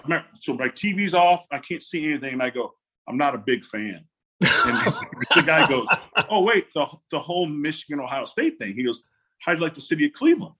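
A man's voice: medium pitch, a bit bright, slightly rough. A man in his forties, a former football player as interview guest, telling stories animatedly, acting out quotes and laughing often. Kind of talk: casual storytelling interview.

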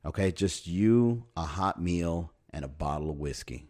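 Deep-voiced man riffing sarcastically. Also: expressive, unhurried, darkish tone. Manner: sarcastic, wry, laughs at his own jokes; swears casually. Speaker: podcast host. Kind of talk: casual comedic podcast monologue.

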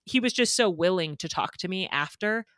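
Low-voiced woman podcast host, dry sound. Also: expressive, moderate pace, fairly bright tone, dry recording. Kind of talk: podcast conversation.

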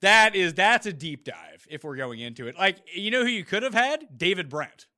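Casting: bright-voiced male co-host, blunt and opinionated, animated casual chat. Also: high voice, moderate pace. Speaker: podcast co-host.

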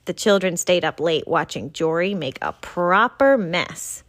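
A woman reading a children's picture book aloud in an expressive storytelling voice. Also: lowish voice, measured pace. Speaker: reader.

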